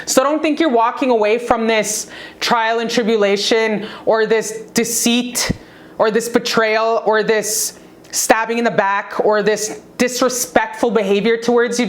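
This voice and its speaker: A woman with a slightly high voice gives a casual tarot reading straight to camera. She talks in a fired-up, profane pep-talk manner, her pitch swinging up and down as she presses her points. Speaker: tarot reader. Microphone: talking to camera.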